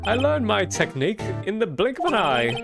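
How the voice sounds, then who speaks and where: A man voicing a pompous elderly lawyer, fussy and evasive, in a theatrical drawn-out voice while reading game dialogue aloud. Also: high-pitched, big pitch swings, gravelly, over loud music, pitched above the performer's own voice, exaggerated voice. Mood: boastful.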